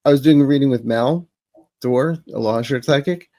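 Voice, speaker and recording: A man being interviewed as a psychic advisor, telling stories with quick jokes and asides. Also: medium pitch, warm tone, dry recording. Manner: joking, storytelling, quick asides. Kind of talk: casual interview chat.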